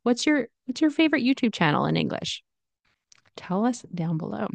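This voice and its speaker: A woman teaching English pronunciation in an online lesson, speaking slowly and saying each example phrase over and over. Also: on the high side, very animated, creaky, no room sound. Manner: slow, demonstrative, repeats example phrases.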